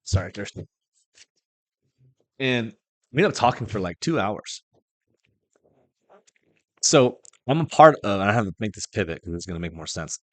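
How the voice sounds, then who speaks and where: A man's voice: on the low side, animated, moderate pace, pauses often, fairly bright tone, dry recording. A young man hosting a casual faith podcast, telling a personal story in a rambling, candid way, with restarts, casual swearing and quoted conversations. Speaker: podcast host.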